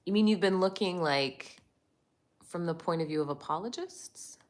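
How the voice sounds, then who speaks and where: A woman's voice: fairly low pitch, normal speed. A woman hosting a casual live chat, greeting viewers by name and laughing often as she talks. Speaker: livestream host.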